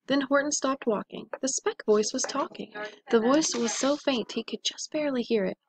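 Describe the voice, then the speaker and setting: A woman reading a rhyming storybook aloud to a class of children, with a steady, rhythmic delivery. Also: high voice, moderate pace, low-quality recording.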